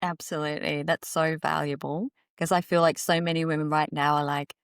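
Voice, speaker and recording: A woman hosts a podcast conversation, shaping her questions carefully and reworking them mid-sentence. Her voice sits a little low. The recording is close and dry. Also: little pitch movement, a little fast, clean tone, dry recording. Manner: thoughtful, rephrases mid-question. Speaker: podcast host. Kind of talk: interview questions.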